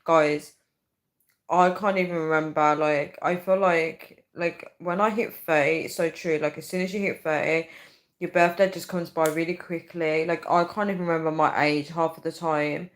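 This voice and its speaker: A woman's voice: sits low, fairly even intonation, moderate pace, low-quality recording. A woman in her thirties hosting a casual livestream, rambling chattily and often calling her viewers "guys.". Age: 30s. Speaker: livestream host.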